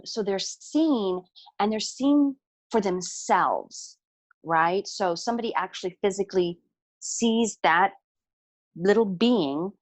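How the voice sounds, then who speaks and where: A woman guest on a podcast, telling stories in a relaxed, amused way with frequent fillers. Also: mid-range voice, dry recording. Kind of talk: casual storytelling conversation.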